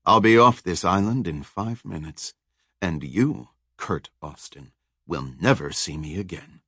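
A male audiobook narrator voicing a cold, menacing villainous woman who speaks slowly and with confidence. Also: low voice, expressive, a bit bright, husky, no echo, clean studio sound, voice pushed down, full character voice. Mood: gloating. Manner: cold, slow and gloating.

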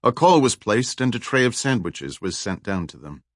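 A man narrating a thriller audiobook in a steady, even reading. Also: medium pitch, moderate pace, dry recording, clean studio sound.

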